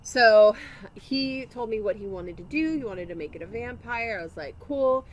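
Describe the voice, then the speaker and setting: Wry, higher-voiced woman. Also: moderate pace, rough recording. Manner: wry, jokey, lively storytelling. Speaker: podcast co-host. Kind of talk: casual chat.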